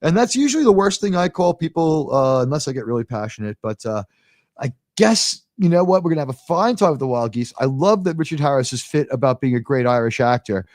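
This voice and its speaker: An American man hosting a live talk show, telling stories in a rambling, animated way with lots of fillers. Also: medium pitch, fairly quick, no room sound, studio quality. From United States. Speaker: host.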